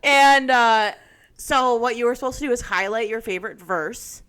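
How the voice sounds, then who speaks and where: A young adult woman co-hosting a podcast, telling a story in casual chat, animated, laughing often and swearing freely. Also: on the high side, normal speed, smooth. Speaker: podcast co-host.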